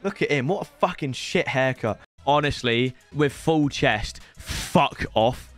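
A young man streaming for hours on a headset mic, tired, swearing and bantering with sudden shouts. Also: medium pitch, unhurried, soft background music. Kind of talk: casual live-stream chat.

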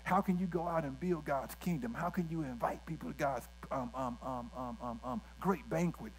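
A man's voice: medium pitch, poor audio. A male pastor, preaching a sermon with folksy asides and direct questions to the congregation.

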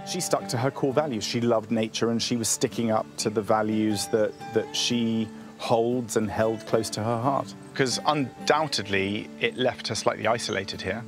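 A man presenting a travel documentary, narrating and interviewing outdoors in the bush with an encouraging manner. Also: fairly low pitch. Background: background music.

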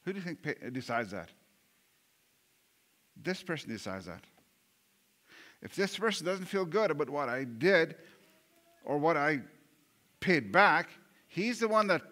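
A man's voice: on the high side, sing-song, a little slow, long pauses, sharp tone. A male pastor preaching a sermon in an earnest way, often repeating words and restarting, and putting rhetorical questions to the congregation.

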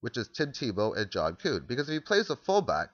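A man's voice: medium pitch, wildly swooping pitch, a little fast, no room sound. A man in an ordinary middle register talks through football tactics off the cuff. He rambles and restarts his sentences as he works out each idea. The sound is dry and close, on a dull lo-fi recording. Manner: rambling, thinks aloud, restarts sentences while walking through plays. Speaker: amateur football analyst. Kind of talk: casual spoken explainer.

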